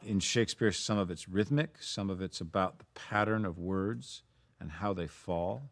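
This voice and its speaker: A man's voice: deep voice, normal speed. A man teaching an acting masterclass, speaking intensely and swearing now and then for emphasis.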